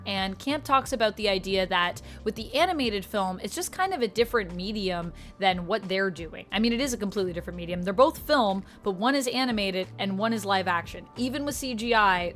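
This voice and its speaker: A young woman talks through a film review in a casual, chatty way. Her pitch sits in an ordinary middle range but jumps up sharply when she gets animated. Soft music plays faintly underneath. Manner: chatty and expressive, with sudden animated rises.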